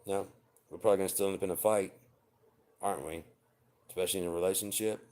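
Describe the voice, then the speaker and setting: A man's voice: sits low, steady tone, fast talker, pauses often, mellow. A man in his forties giving blunt, profane, earnest relationship advice in an unscripted personal monologue. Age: 40s. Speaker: vlogger.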